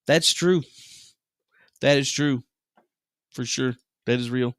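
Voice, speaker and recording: A man's voice: medium pitch, slow pace, fairly bright tone, no room sound. Man, streamer, casual live chat, profane, sarcastic, rambling, dry close sound.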